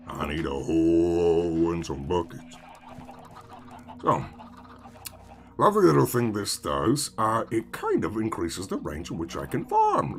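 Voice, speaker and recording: A man's voice: low-pitched, wildly swooping pitch, unhurried, soft background music. A man streaming a game, talking to himself in sarcastic, rambling commentary. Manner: sarcastic rambling self-talk. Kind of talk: casual gameplay commentary.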